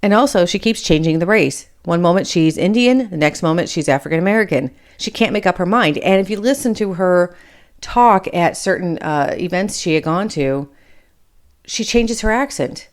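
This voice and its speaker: A woman's voice: lowish voice, lively intonation, normal speed. A woman in her forties or fifties from Michigan, with a trace of Appalachian in her accent, hosting a blunt, opinionated solo commentary show where she swears casually and drifts off topic. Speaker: podcast host.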